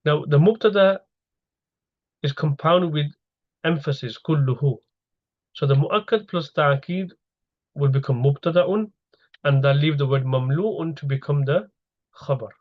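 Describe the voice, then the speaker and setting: A man's voice: a little high, unhurried, pauses often. Guy teaching grammar online, patient step by step, kinda muffled lo-fi sound. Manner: patient, explains step by step with questions to students. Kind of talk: online lecture over slides.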